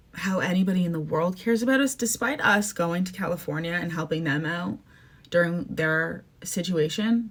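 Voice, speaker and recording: A young woman from Canada talks fast and heatedly on her podcast, her voice sitting a little low. She jumps between thoughts, filling gaps with "like" and "um", and her feeling keeps breaking through. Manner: emotional, fast-shifting, says "like" and "um" often. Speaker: podcast host. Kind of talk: casual opinion rant.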